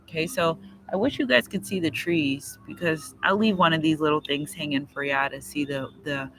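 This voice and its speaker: A man's voice: a little high, moderate pace, fairly bright tone, a little hiss or hum, rough recording. A man doing a casual livestream tarot reading outdoors. He is chatty and repetitive, and he gets emotional as he talks. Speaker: tarot reader. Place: outdoors near trees and a road.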